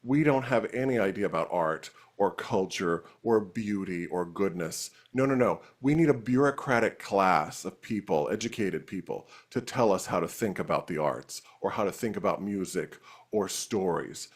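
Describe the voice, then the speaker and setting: A man's voice: deep voice, lively intonation, normal speed, few pauses. A man co-hosting a talk show, giving his opinion in a heated, ranting way. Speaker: co-host.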